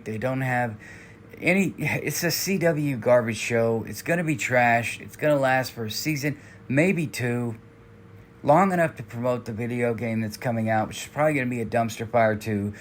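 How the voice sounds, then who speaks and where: A man in mid-rant, heated and exasperated, swearing freely as he airs his complaints. His pitch sits in an ordinary middle range for a man. A faint ambient hum stays underneath. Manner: heated, profane, exasperated ranting. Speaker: commentary channel host. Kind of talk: angry commentary rant.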